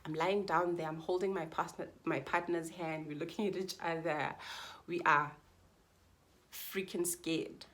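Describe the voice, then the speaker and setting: A woman's voice: low voice, fairly even intonation, unhurried, a bit bright. A young woman vlogger telling her birth story to camera in a chatty, heartfelt way, repeating phrases for emphasis. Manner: chatty and heartfelt, often addresses viewers as guys.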